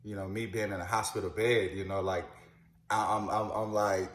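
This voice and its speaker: A man in his thirties from New Orleans tells his own story casually to camera, peppering it with "you know," "man," and repeated words. His voice is lowish with little pitch movement, his pace moderate, and the room echoes noticeably.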